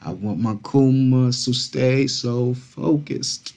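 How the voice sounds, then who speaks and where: Animated Brooklyn man ranting to fans. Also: medium pitch, takes it slowly, gravelly. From Brooklyn, New York. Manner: animated, repetitive, keeps addressing fans as Kumas. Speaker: crypto channel host. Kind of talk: casual opinion vlog.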